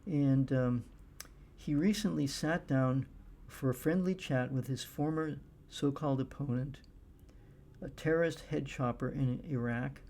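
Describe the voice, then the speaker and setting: Man, middle-aged, political commentator, halting delivery, gravelly, mellow. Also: mid-range voice. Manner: halting, many fillers and restarts. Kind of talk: casual monologue commentary.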